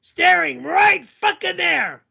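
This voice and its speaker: A man voicing a loud, crude storyteller character who yells all the time, in a raspy, strained voice. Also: very high-pitched, animated, takes it slowly, dull audio, pitched above the performer's own voice, heavily acted. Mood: yelling. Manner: yelling, crude and rambling. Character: loud, always-yelling male storyteller character.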